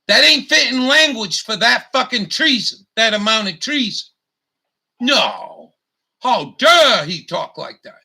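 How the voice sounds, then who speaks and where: A man hosting his own YouTube show, delivering an angry, profane rant with halting restarts and stumbles. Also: high voice, gravelly, pushed and bright. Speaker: YouTube host. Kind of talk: profane ranting monologue.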